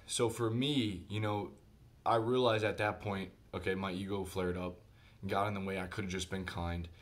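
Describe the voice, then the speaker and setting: A man telling a personal story in a casual vlog monologue, animated and conversational, speaking directly to his viewers. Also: sits low, normal speed. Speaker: vlogger.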